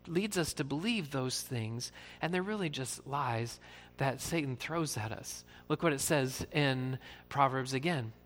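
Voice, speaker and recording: A man's voice: a little high, a bit bright, in a large hall. A man who is a pastor, giving an earnest, conversational sermon with frequent fillers.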